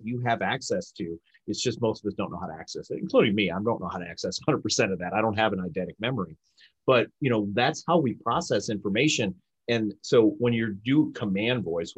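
Husky-voiced man coaching on communication. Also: on the low side, dry recording, dull audio. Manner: emphatic, animated, acts out example lines. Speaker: sales communication guest expert. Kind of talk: explanatory coaching talk.

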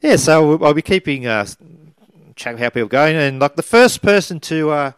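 A man co-hosts a comedy podcast. He talks in a dry, hesitant way, filling his pauses with "uh" while his pitch moves a lot. The sound is close and dry. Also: smooth, dry recording. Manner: dry, hesitant, deadpan jokes. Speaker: podcast co-host and scorekeeper. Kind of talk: casual comedy podcast banter.

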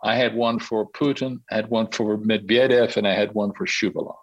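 A man tells a long anecdote as a podcast guest, his fairly low voice animated and often breaking into laughter. The recording is dry and close, with almost no room sound. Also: brisk, no echo, muffled recording. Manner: lively storyteller who laughs through his own tale. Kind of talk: anecdotal storytelling.

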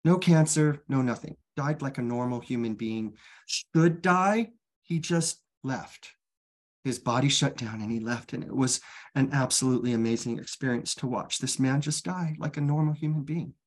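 Frank, animated middle-aged woman. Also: a bass voice, moderate pace. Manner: frank, animated, swears casually. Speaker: guest. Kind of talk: candid personal storytelling.

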